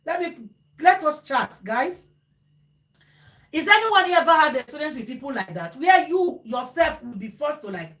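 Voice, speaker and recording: A woman talking casually to viewers as host, animated and repeating phrases for emphasis. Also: sits high, moderate pace. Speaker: vlogger host. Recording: echoey room.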